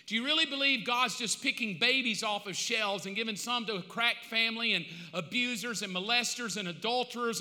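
A man preaching a sermon as pastor, emphatic and conversational, swinging from loud to hushed. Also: extremely high pitch. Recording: long hall reverb.

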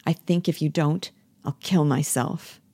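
A woman's voice: sits low, steady tone, a little slow, gravelly, mellow, slightly rough, no room sound, heavily acted. A woman reading the part of a bitter, jealous young wife who pleads with her lover and mocks her husband. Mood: pleading. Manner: reproachful, cutting, pleading. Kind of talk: play reading.

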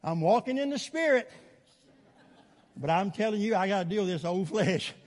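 Very high-voiced older pastor. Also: male voice, normal speed, big-room sound. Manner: animated storytelling, chuckling between lines. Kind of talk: sermon.

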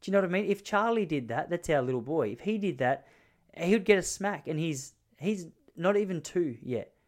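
A man's voice: fairly high pitch, animated, brisk. A man in his thirties hosting a podcast, telling crude stories in a rambling monologue full of restarts. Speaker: podcast host. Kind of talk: casual comedic monologue.

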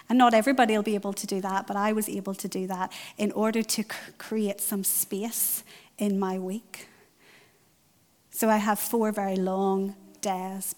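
A middle-aged woman giving a conversational sermon, driving points home by repeating them. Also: medium pitch. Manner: conversational, emphatic repetition. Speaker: church speaker.

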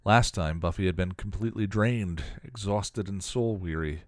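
A man reading a piece of fan fiction aloud in a steady storytelling manner. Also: deep voice, moderate pace, dry recording, clean studio sound. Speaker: story reader.

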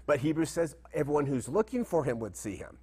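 A man's voice: fairly high pitch, big pitch swings, fairly quick, a little mellow, breathy edge. Man teaching the Bible conversationally. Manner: conversational, asks rhetorical questions. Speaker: preacher.

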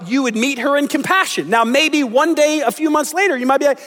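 A man with a fairly high voice delivers a sermon in a relaxed, conversational way and slips into the voices of people in his stories. His words ring out with a long reverb from the hall. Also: brisk, few pauses. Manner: conversational, acts out quoted lines. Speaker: pastor.

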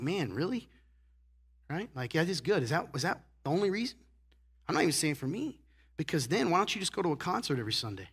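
A man preaching a sermon to his congregation in a casual, conversational way, often asking "right?" and swinging from hushed asides to loud emphasis. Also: medium pitch, slightly rough. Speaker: pastor. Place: church sanctuary.

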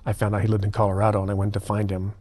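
A man's voice: on the low side, very fast. Guy telling a prison ministry story, earnest, acts out the quotes. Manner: earnest, animated retelling with quoted dialogue. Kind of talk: conversational storytelling.

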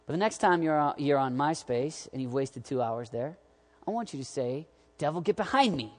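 A man preaching a sermon to young adults, animated and jokey, swinging from loud urging to quiet asides. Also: fairly high pitch, fairly quick. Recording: long hall reverb.

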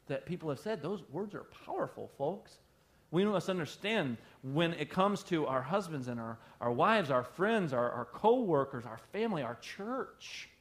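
A man who is a pastor, preaching an emphatic sermon to his congregation with heavy repetition and call-and-response. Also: fairly high pitch.

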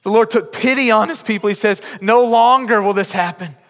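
An earnest male pastor preaches to his congregation, pleading and repeating phrases as he presses each point home. His voice sits a little high for a man. The sound rings out with the long reverb of a large church hall. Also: a little fast, fairly bright tone. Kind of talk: sermon.

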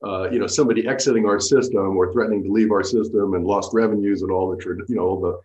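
A man hosting an interview, thinking aloud in halting phrases with restarts, on dull lo-fi audio. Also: on the low side, fairly even intonation, a little mellow. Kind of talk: conversational interview.

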